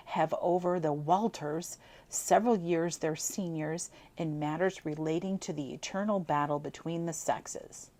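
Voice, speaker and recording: A woman from Buffalo, New York, reading an old story aloud with lively, amused asides. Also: deep voice. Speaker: reader of old clippings.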